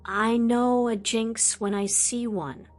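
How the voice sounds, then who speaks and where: A woman's voice: on the high side, steady tone, takes it slowly, darkish tone, faint music behind. A woman voicing an earnest, insistent schoolgirl witch in an audiobook. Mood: urgent. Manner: urgent and insistent.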